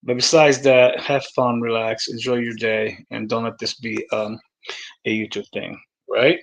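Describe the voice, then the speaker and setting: Guy running a livestream, talks to chat by name, goes from calm to fired up, lots of uhs. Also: medium pitch, a little slow, creaky, rough recording. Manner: swings between calm and heated, addresses chat by name; many fillers and restarts, swears. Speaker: livestream host. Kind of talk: casual livestream talk.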